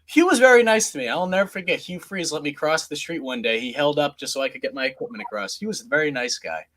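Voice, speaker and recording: Sports radio co-host, male, from Boston, animated raconteur, slightly high voice. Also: fast. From Boston area. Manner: animated storyteller, gets loud and laughs through stories. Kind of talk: casual sports radio banter.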